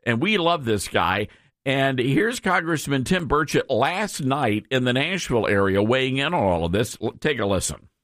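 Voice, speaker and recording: A man's voice: mid-range voice, sing-song, normal speed, a bit bright, no room sound, studio quality. A man hosting a talk radio show, speaking in a folksy, plain-spoken way. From West Tennessee. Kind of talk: conservative talk radio monologue.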